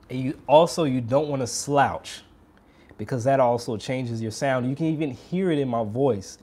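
Upbeat man teaching trumpet. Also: medium pitch. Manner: upbeat, demonstrates by putting on strained voices. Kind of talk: casual video lesson.

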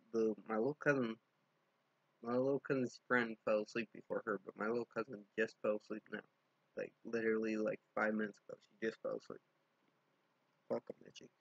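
Low gravelly young man rambling. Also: flat delivery, fairly quick, long pauses, no room sound, dull audio. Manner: rambling storytelling with frequent likes and swearing. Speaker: vlogger. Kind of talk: casual late-night vlog. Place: dark room at home.

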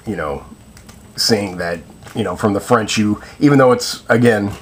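A man with a fairly low voice talks through a casual film review. He hesitates often, restarting sentences and filling gaps with "uh" and "um". A faint hiss of noise sits under his voice. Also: moderate pace. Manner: hesitant, many fillers and restarts.

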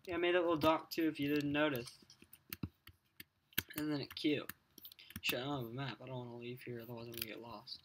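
Foul-mouthed man rambling over loud noise. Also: mid-range voice, little pitch movement, brisk, long pauses. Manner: crude, profane, rambling self-talk. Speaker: let's play host. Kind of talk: casual gameplay commentary. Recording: loud background noise with keyboard clicks.

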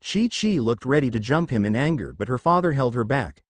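A man narrating a fan story in an animated reading style. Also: mid-range voice, fairly quick, no room sound.

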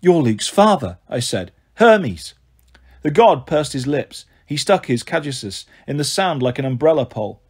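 A man reading a first-person storybook aloud. His delivery is animated and his pitch swings widely. His voice has a slightly husky grain. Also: moderate pace, hardly any pauses. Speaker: audiobook reader.

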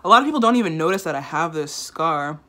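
A woman's voice: low-pitched, expressive, quick pace, fairly bright tone. A young woman telling a storytime straight to camera in a casual, chatty way, leaning on "like" as she talks to her viewers. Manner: chatty, says "like" often, speaks straight to viewers. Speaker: vlogger.

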